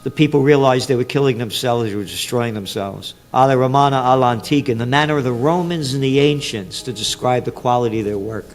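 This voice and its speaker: An older man, a trend forecaster, speaking as an interview guest in an impassioned, sarcastic, emphatic monologue. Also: medium pitch.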